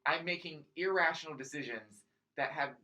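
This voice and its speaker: A man co-hosting a casual gaming podcast, talking in quick animated bursts with restarts. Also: a little high, muffled recording. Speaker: podcast co-host. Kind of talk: casual chat.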